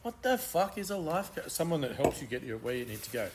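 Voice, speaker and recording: A man's voice: a little high, very animated, fairly quick, a little hiss or hum. A man co-hosting a podcast in casual, joking banter. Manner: joking, laid-back banter. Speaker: podcast co-host. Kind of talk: casual chat.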